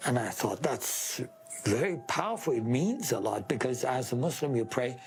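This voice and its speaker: A man's voice: medium pitch, lively intonation, moderate pace, a little hiss or hum. A man from Iran, giving an earnest, heartfelt personal faith testimony in an interview.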